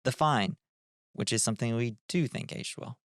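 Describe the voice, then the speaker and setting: A man's voice: medium pitch, moderate pace, no room sound, studio quality. Laid-back joking male podcast co-host. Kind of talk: casual chat.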